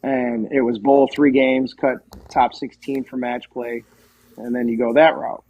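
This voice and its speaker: A man as a podcast guest, telling stories in a casual, animated way and acting out the dialogue. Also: medium pitch, a little slow, phone-quality sound, slight background noise. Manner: animated, acts out quoted dialogue. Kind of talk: casual storytelling.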